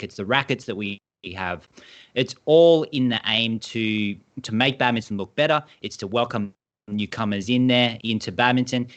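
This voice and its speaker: Australian man, low voice, eager rambling explanations, video call interview. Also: a bit bright. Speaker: badminton brand co-founder. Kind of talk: casual interview talk.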